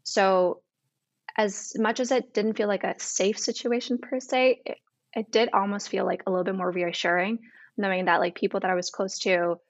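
A woman's voice: mid-range voice, fairly even intonation, moderate pace, dry recording. Young woman guest, storyteller, casual and chatty, dull dry sound. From Canada. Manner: chatty, full of "like" and quoted dialogue. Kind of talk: storytelling interview.

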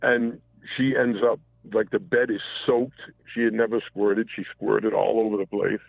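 Male caller, low and gravelly, on a thin phone line; halting, profane storyteller. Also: level tone, dry recording. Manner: halting, full of restarts and profanity. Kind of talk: casual confessional storytelling.

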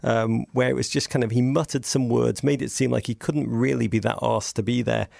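A man's voice: medium pitch, fairly even intonation, a little fast, creaky, darkish tone, dry recording, clean studio sound. A man who is a podcast guest, telling wry, digressive stories in casual conversation. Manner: witty, digressive storytelling with sarcastic asides.

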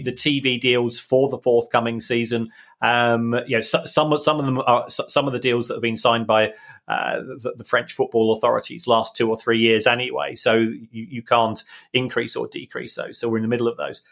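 A man co-hosting a podcast, calmly explaining the money side of football in an analytical way. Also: mid-range voice, moderate pace, creaky. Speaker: football finance co-host.

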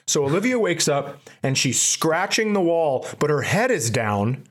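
A man with a slightly higher-than-average voice spins a comic story on a podcast. He swears freely and breaks into laughter at his own punchlines. The delivery is loose and chatty. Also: lively intonation, measured pace. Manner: profane, laughs through his own stories. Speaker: podcast co-host. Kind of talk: casual comedic storytelling.

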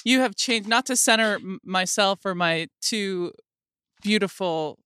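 A woman's voice: mid-range voice, a little slow, background noise. A woman co-hosting a podcast, effusive and heartfelt, swearing for emphasis. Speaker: podcast co-host.

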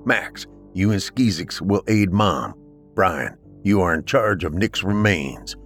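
A man voicing a grieving ex-military brother who speaks earnestly and then in crisp commands. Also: low-pitched, lively intonation, slow, a bit bright, soft background music, exaggerated voice. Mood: commanding.

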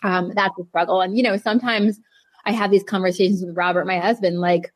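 A woman's voice: on the low side, fairly even intonation, fairly quick, dry recording. A woman in her thirties, a jewelry designer, answering interview questions in a candid, emphatic way. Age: 30s. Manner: candid, emphatic, repeats phrases.

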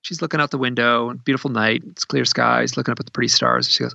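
A man telling a story in a conversational way, animated and acting out what people said, recorded at his desk. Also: medium pitch, quick pace, vocal fry, no echo, lo-fi sound. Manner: animated, acts out quoted speech in a raised voice.

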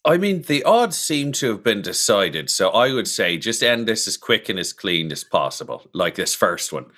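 A man's voice: on the low side, very animated, moderate pace, fairly bright tone. A man playing a tabletop game, brash and talkative, swearing freely. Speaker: player. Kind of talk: casual tabletop play.

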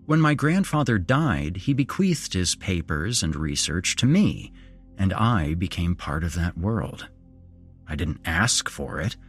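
A man's voice: sits low, sing-song, a little slow, breathy edge, soft background music. A man telling a first-person horror story, dramatic and moving between wry asides and tension.

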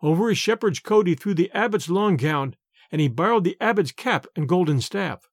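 Guy reading a storybook out loud, high voice, bouncy, super dry close mic. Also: no echo. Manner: expressive, measured reading. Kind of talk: scripted storybook narration.

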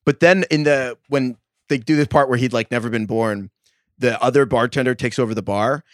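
A man co-hosting a football podcast in casual chat, excitable, laughing often and stumbling over his words. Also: medium pitch, a little fast, dry recording, clean studio sound. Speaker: fantasy football podcast co-host.

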